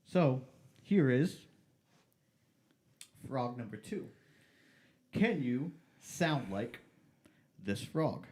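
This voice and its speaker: Lively stream game-show host, goofy announcer voice that drags out the big words, lots of ups and downs in pitch. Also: extremely slow, long pauses. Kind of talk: playful game-show hosting.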